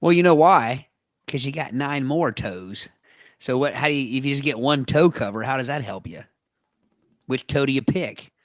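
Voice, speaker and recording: A mid-pitched man co-hosting a laid-back podcast, riffing on every term with goofy reasoning. His voice sounds dry and close, with no room behind it. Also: lively intonation, moderate pace, no room sound. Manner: joking, riffs on the terms with silly logic. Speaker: podcast co-host. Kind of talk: casual chat.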